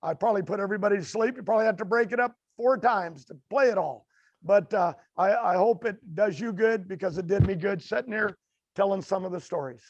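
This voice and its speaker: An older American man, a racing guest, telling stories in a halting, rambling way with many fillers and restarts. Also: high voice, no echo, muffled recording. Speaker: guest, drag racer. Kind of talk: storytelling interview.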